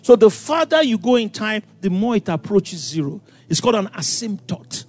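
A man preaching a sermon, animated and acting out voices, with sudden loud outbursts. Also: sits high, moderate pace. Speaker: pastor.

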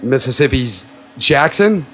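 A man's voice: medium pitch, lively intonation, sharp tone. Casting: New man, brash podcast guest, fires off answers, faint hiss behind. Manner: cocky, rattles off answers quickly. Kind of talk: casual podcast banter.

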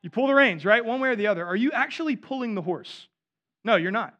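A man's voice: sits high, lively intonation, fast, a bit bright, dull audio. A man in his thirties preaching a sermon in a conversational way, often asking his listeners "right?". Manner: conversational, asks the audience "right?". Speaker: pastor.

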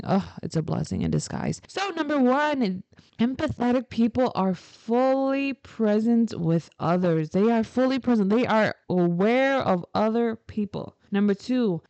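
Mellow-voiced chatty woman vlogger. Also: medium pitch, no room sound, lo-fi sound. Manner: chatty, emphatic, sassy asides. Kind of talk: casual talk to camera.

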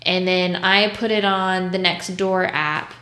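A woman's voice: fairly low pitch, flat delivery, takes it slowly, pushed and bright. A woman who works as a mobile dog groomer, telling stories in a blunt, profane, casual way and acting out other people's voices. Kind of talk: casual storytelling chat. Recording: roomy echo.

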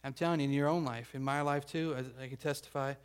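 A man's voice: medium pitch, fairly even intonation, fast talker, clean tone. Man preaching a conversational sermon. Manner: conversational preaching, checks in with the congregation; acts out grumbling crowd voices. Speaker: pastor.

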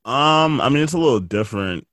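A man's voice: mid-range voice, animated, fairly quick, fairly bright tone, dry recording. A man in casual chat who rambles, teases, and laughs often.

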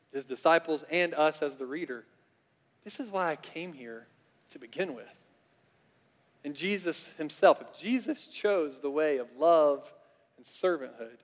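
A man preaching a sermon as pastor, animated and conversational, with frequent fillers. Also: fairly high pitch. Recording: long reverb of a large hall.

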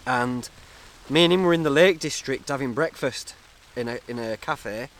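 A man's voice: medium pitch, normal speed. A young man, rambling jokily through a solo podcast from inside a tent, talking into a camera-mounted mic. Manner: jokey, chatty, self-mocking. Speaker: podcast host.

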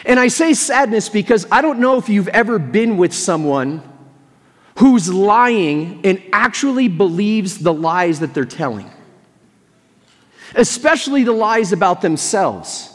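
A male pastor with a fairly high voice preaches to his congregation. He reads scripture aloud, then moves into relaxed, conversational reflection. His voice rings with a long reverb, as if in a large hall. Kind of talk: sermon.

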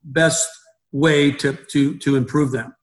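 A man's voice: fairly high pitch, fairly even intonation, takes it slowly, rough recording. A middle-aged man, a baseball coach, talking in an interview, rambling and restarting his sentences often. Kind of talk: conversational interview.

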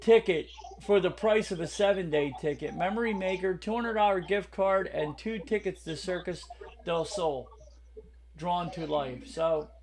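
A man co-hosting a podcast in casual chat, blunt and joking, getting loud when riled. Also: high-pitched, unhurried, a little hiss or hum. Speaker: podcast co-host.

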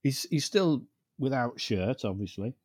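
A man's voice: mid-range voice, animated, unhurried, a little mellow, slightly rough, no room sound, clean studio sound. A man co-hosting a podcast, chatting casually with sarcastic, sweary banter. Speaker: podcast co-host. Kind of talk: casual chat.

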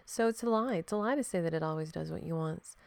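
A woman hosts a podcast in a loose, reflective monologue, talking frankly and straight to the listener. She swears freely and laughs often. Her voice sits fairly low, and the sound is dry and close. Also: quick pace, creaky, a little mellow, dry recording. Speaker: podcast host.

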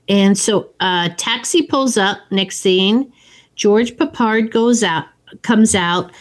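A woman co-hosting a casual chat, retelling a film scene by scene and quoting its lines. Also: fairly high pitch.

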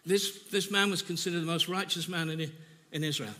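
A man preaching a sermon, telling his own testimony earnestly and emotionally, with halting repeats. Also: a little high, steady tone, pushed and bright, long reverb tail.

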